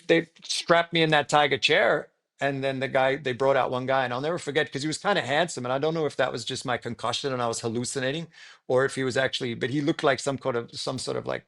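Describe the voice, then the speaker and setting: Young australian man, interview guest, gravelly fry, mid pitch, rambling with lots of likes and ums. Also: a bit bright. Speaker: podcast guest. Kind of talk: casual storytelling in an interview.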